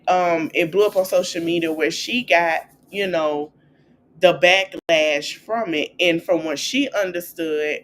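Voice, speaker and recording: A woman hosting a podcast, recapping celebrity gossip in a chatty, animated way and acting out quotes in a high, playful voice. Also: a little hiss or hum. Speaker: podcast host.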